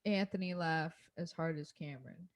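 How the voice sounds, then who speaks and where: A woman's voice: low voice, normal speed. A young woman co-hosting a podcast among friends, teasing bluntly and swearing casually. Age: young adult. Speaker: podcast co-host.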